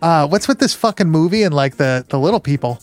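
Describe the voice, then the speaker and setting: A man's voice: on the high side, animated, fast talker, faint music behind. A man co-hosting a casual podcast chat about movies, laid-back and swearing freely with lots of fillers. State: hiccups. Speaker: podcast co-host.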